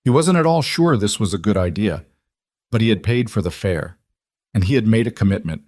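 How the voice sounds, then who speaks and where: A male narrator reads a scripted story in a low, even voice. His delivery is steady and unhurried. The recording is close-miked and dry, with no room sound. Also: no echo.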